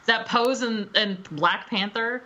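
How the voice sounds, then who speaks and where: A woman's voice: a little high, slow pace, muffled recording, over a noisy crowd. A woman telling rambling, laugh-filled stories about directing voice actors in a casual podcast chat. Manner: bubbly, laughs often, rambling anecdotes. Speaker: voice director and game developer.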